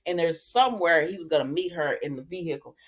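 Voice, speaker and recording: A woman's voice: lowish voice, fast. A woman hosting a casual recap, chatty, retelling scenes and quoting the characters. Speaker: soap opera recap host.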